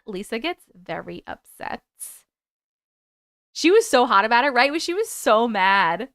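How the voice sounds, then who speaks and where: A woman's voice: a little high, sing-song, a little slow, fairly bright tone, no echo, studio quality. A woman hosting a live stream, chatting casually with viewers, laughing often and swearing freely.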